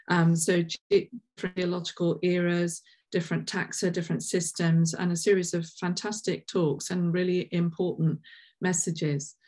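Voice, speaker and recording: Woman host, lower register, chairing online Q&A, hesitant and filler-heavy. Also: darkish tone. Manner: hesitant, many ums and restarts.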